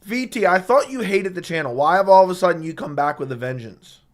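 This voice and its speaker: A high-sitting male voice with lively intonation, fairly quick in delivery. The man, who has a sore throat, chats casually on a live stream, reading comments aloud and trading blunt, profane jabs with chat through a studio dynamic mic.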